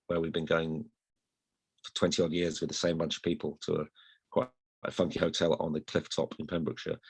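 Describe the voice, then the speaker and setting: A middle-aged man from Hull with a slight northern accent and flat vowels, chatting as an interview guest in a rambling, self-deprecating way. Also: low voice, gravelly, husky. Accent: slight northern English, flat vowels. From Hull, England. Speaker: guest, newspaper columnist. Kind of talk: casual interview chat.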